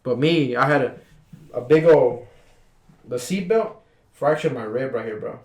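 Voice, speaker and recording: A young man chatting on a podcast, spinning a long, rambling story in a mid-pitched voice. He talks casually and with energy, dropping "bro" into nearly every sentence. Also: unhurried. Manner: rambling, animated, says "bro" constantly. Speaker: podcast guest.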